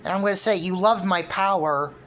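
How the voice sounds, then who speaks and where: A woman's voice: lowish voice, brisk, slight background noise, close to an everyday voice. A woman voicing a male chaos spirit who speaks firmly and earnestly.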